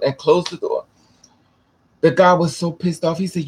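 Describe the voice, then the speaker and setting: A man's voice: on the high side, fairly even intonation, measured pace, darkish tone, breathy edge. A man vlogging, telling a personal story casually, rambling with restarts and swearing.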